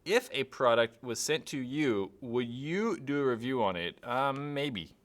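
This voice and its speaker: A man's voice: medium pitch, lively intonation, measured pace, a bit bright. A young man hosting a live stream and answering chat questions casually, rambling and hesitant, with many fillers.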